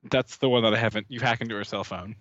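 A man's voice: fairly low pitch, fairly even intonation, very fast, fairly bright tone, dry recording, highs cut off. A man in casual chat, defending and explaining a game and laughing often.

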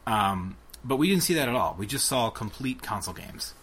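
A young man co-hosting a casual tech podcast, talking excitedly and rambling with lots of restarts. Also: mid-range voice, fairly quick, slightly rough. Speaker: podcast co-host.

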